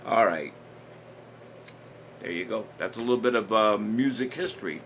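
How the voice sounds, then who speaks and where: A man's voice: on the low side, moderate pace, a bit bright, slight background noise. An older man casually hosting a live-stream trivia show, chatty and jokey, chuckling at his own jokes. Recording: music playing under the voice.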